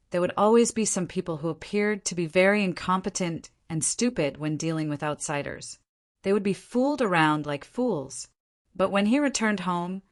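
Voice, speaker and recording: Woman narrator with a lower voice reading a novel in steady, scripted narration. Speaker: audiobook narrator.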